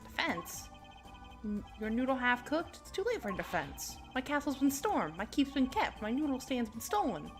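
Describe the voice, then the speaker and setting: A woman voicing a pushy older male noodle vendor who talks in a loud, folksy way and ends his lines with "eh". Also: sits high, sing-song, moderate pace, faint music behind. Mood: grumbling.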